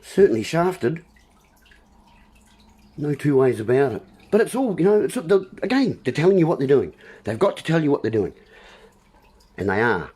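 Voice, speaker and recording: New man, livestream host, husky and highish, very up-and-down delivery, punning ramble. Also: sing-song, normal speed, long pauses, mellow. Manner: meandering, punning wordplay, addresses listeners as folks.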